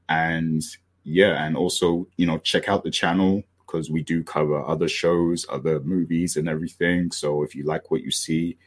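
A British man with a very deep voice and a husky edge hosts a podcast. He talks casually and loosely, full of fillers and restarts, as he gets to the topic. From Britain. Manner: relaxed and rambling, many fillers and restarts. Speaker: podcast host.

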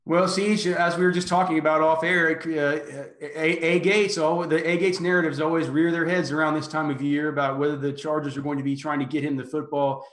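A man hosting a casual sports podcast, talking in a halting way with many restarts. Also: fairly high pitch, little pitch movement, fairly bright tone, reverberant. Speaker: podcast host.

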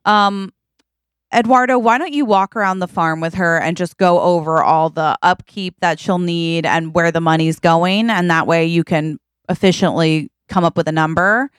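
A woman's voice: on the low side, moderate pace, clean tone, no room sound, studio quality. A woman co-hosting a podcast, playfully improvising a comic scene. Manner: playful, reacting. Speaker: podcast co-host. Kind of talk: improvised comedy chat.

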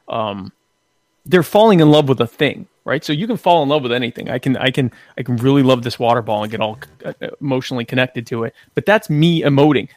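A man's voice: mid-range voice, dry recording. A man on a casual podcast, talking in an opinionated, emphatic way and often repeating words as he starts a point.

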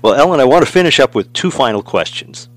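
A man's voice: mid-range voice, sing-song, fast talker, dry recording, soft background music. A man hosting an interview, asking questions in an easygoing way and chuckling now and then. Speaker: interviewer, host. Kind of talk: casual interview.

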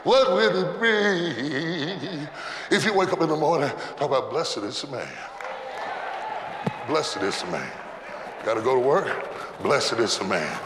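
A high-voiced man preaches in a big, echoing church hall with a long reverb, and noise sits clearly under his voice. He calls out refrains and asks the congregation to repeat them back to him. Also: animated, measured pace, long pauses. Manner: preaching with shouted refrains and call-and-response. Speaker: pastor. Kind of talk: sermon. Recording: echoey hall with background noise.

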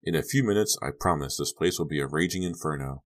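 A man voicing a shy, drowsy teenage boy in an audiobook, his lines a bit louder and higher than the narration. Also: fast talker. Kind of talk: audiobook reading.

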